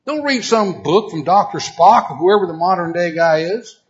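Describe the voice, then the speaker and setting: Male preacher teaching a Bible class, emphatic and questioning, slightly high voice, muffled lo-fi recording. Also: lively intonation, moderate pace. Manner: emphatic, rising to loud repeated exhortation; asks the audience questions directly. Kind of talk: Bible lesson. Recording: dull lo-fi recording.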